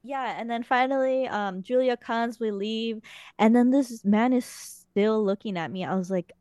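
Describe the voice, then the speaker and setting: Young woman gabbing on a podcast, smooth clear voice, dry close sound, swears now and then. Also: fairly high pitch, normal speed, a little mellow, dry recording. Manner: chatty storytelling, frequent swearing. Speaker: podcast host. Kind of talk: casual chat.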